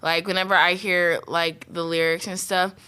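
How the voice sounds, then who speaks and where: A woman's voice: lowish voice, moderate pace, clean tone. A young woman on a faith podcast telling a story casually and giggling as she talks. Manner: animated, giggles through her story.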